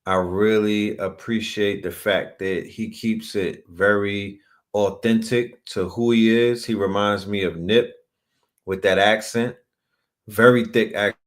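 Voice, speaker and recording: A man with a lowish voice hosts his own channel, talking straight to his viewers in a loose, slangy way. He keeps checking in with "you feel me?" as he goes. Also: fairly even intonation, a little slow. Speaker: channel host. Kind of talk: casual commentary to a live chat.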